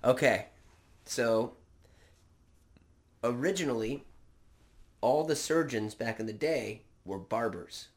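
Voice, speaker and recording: A man's voice: medium pitch, animated, slow pace, long pauses. A man co-hosting a casual chat, crude and joking, rambling through stories. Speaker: podcast co-host.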